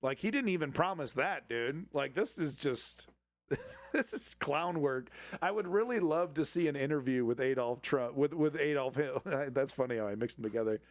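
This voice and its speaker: A man's voice: a little high, animated, moderate pace, no room sound. A man hosting a live political commentary show, talking casually and sarcastically, rambling with restarts and frequent laughs.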